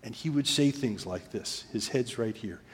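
Male pastor, mid-pitched, telling stories from the pulpit, long echo of a big church. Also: moderate pace. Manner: storytelling, drops to near-whisper for quoted moments. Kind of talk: sermon. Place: church sanctuary.

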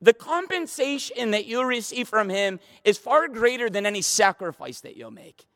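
A man preaches to his congregation, his voice sitting high for a man. He builds to emphatic, repeated questions, and his words hang in the long reverb of the church hall. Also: sing-song, normal speed, bright, forceful tone. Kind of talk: sermon.

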